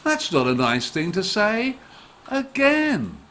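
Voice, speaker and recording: A man voicing a gentle black crow in a children's puppet story, cawing and speaking slowly and expressively. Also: high-pitched, slight background noise, voice pushed up, full character voice. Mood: hurt, scolding. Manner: cawing, drawn-out lively storybook voice. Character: sulky black crow, gentle but hurt.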